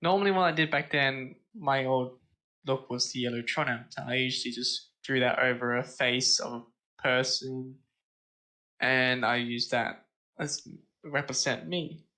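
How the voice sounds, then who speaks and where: A man hosting a casual streamed talk show, chatting in a slow, plain-spoken way. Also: mid-range voice, steady tone, sharp tone, rough recording. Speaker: streamer and host.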